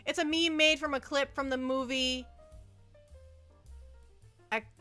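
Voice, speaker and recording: Bright, high-voiced young woman streamer. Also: fairly even intonation, slow pace, soft background music. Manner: rambling, self-deprecating, stumbles and repeats words. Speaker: VTuber streamer. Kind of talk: casual livestream chat. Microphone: close desk mic.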